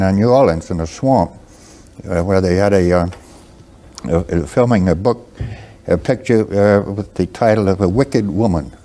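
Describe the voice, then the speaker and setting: Warm and low, the voice belongs to a guest writer in his seventies with a Southern American accent. He talks slowly and haltingly in an interview, pausing and restarting frequently.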